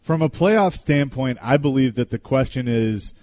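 A man's voice: mid-range voice, lively intonation, normal speed, darkish tone. A man co-hosting a sports radio show, posing questions and introducing the next game. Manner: inquisitive, sets up topics.

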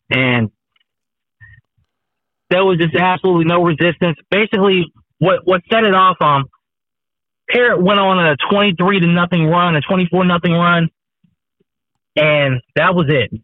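A man's voice: a little high, no echo. Male caller on a tinny phone line. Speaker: guest sports reporter. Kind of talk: casual phone-in chat. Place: on the road, heading to work.

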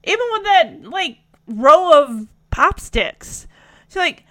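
A woman's voice: high voice, very animated, slow, a bit bright. A young woman chatting casually about a TV episode she is recapping. She talks in an emotional, rambling way with lots of fillers. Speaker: show reviewer.

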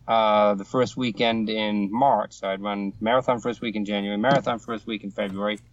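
A man's voice: on the low side, steady tone, brisk. A man in his sixties with a Boston accent, telling rambling, self-deprecating stories as an interview guest. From Boston area. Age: 60s. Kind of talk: casual anecdotal storytelling. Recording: dull, slightly distant, dry mic.

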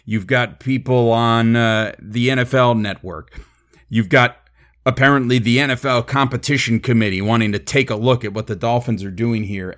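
Male podcast co-host, mid-pitched, casual, animated and exasperated when arguing a point. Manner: animated, exasperated rhetorical questions. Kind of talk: casual sports podcast chat.

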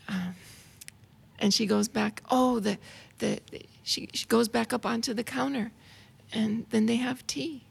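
Slow, gravelly, husky-voiced woman. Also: medium pitch. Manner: hesitant, halting with fillers. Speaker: podcast guest. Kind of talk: casual storytelling, retelling a picture book.

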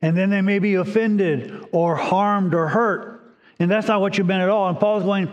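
A male pastor delivering a sermon with earnest, gentle storytelling. His voice sits a little higher than most men's, and it rings out with a long hall reverb. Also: steady tone, normal speed.

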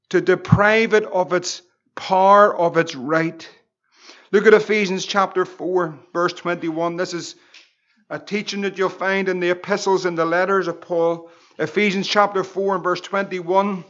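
A Northern Irish man, a pastor, preaching a Bible study with fervent exclamations and slow, emphatic repetitions. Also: high-pitched, a bit bright, dull audio.

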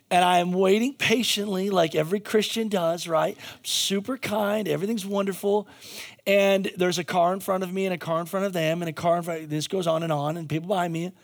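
A man's voice: fairly high pitch, vocal fry. A male pastor giving a conversational sermon, telling a story with jokey asides and frequent restarts.

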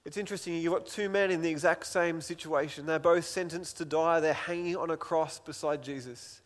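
A man's voice: a little high, fairly even intonation, brisk, few pauses, in a large hall. A man preaching an Easter sermon as a pastor, earnest and pleading, acting out voices from the scripture he reads.

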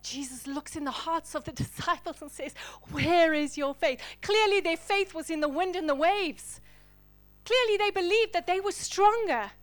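High-voiced woman preaching with fervor. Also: expressive, normal speed. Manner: dynamic preaching, swinging from loud declarations to hushed whispers. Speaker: pastor. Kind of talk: sermon.

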